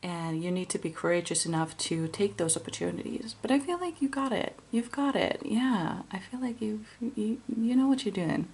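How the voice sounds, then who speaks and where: A woman giving an intuitive tarot reading to camera, gentle and musing, with many fillers and restarts. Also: medium pitch, lively intonation, moderate pace, hardly any pauses, slightly rough. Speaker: tarot card reader.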